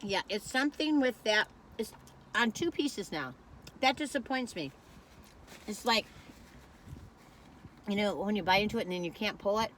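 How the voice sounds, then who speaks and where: A woman does a casual food-tasting vlog and chats on as she eats. Her storytelling rambles, and she often stops to ask herself what she was going to say. Her voice sits at an ordinary mid pitch, with a faint hum of room noise behind it. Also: animated, normal speed, pauses often, a bit bright. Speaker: food reviewer.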